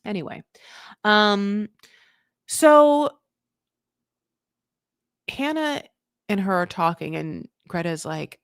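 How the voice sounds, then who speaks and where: A young woman recapping a reality show in casual, animated commentary, swearing freely and acting out what the people said. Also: mid-range voice, slow pace, long pauses, smooth, dry recording, studio quality. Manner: chatty, animated, swears, acts out quoted voices.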